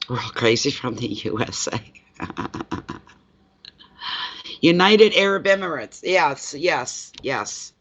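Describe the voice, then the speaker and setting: A man's voice: medium pitch, expressive, takes it slowly, a bit bright, breathy edge. A man hosting a tarot-reading livestream, chatting casually with viewers in a rambling way and laughing easily. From eastern Canada. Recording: dull lo-fi livestream audio.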